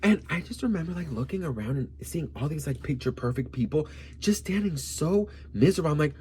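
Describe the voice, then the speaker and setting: Sassy, animated man from Miami telling stories. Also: on the high side, a little fast, slightly rough. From Colombian, from Miami. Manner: sassy, campy, animated, calls the viewer "girl" and "bitch". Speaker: vlogger. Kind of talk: casual storytelling vlog.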